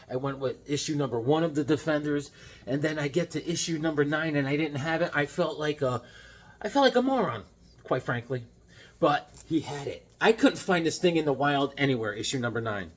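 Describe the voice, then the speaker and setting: A man chatting casually and enthusiastically about his comic finds, rambling and joking as he goes. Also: fairly high pitch. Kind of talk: casual chat.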